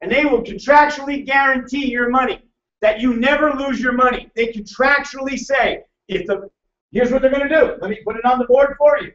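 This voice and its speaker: High-voiced shouting seminar man, echoey. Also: fairly quick. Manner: loud, emphatic, hectoring, teasing the audience. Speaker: financial seminar presenter. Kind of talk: motivational seminar lecture. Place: seminar room before a live audience. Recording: echoey, distant, dull room recording.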